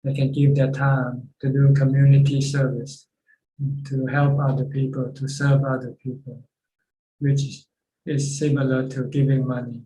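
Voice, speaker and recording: A man teaching as a Buddhist monk, answering questions over a video call in a plain, halting way. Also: medium pitch, level tone, mellow, reverberant, slight background noise, poor audio. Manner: plain, repeats words while searching for phrasing. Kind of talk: dharma talk answering questions.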